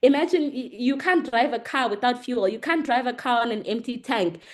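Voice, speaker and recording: A woman giving an energetic business presentation to an audience, telling her story in short, repeated, emphatic sentences. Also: fairly high pitch, moderate pace. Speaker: guest speaker.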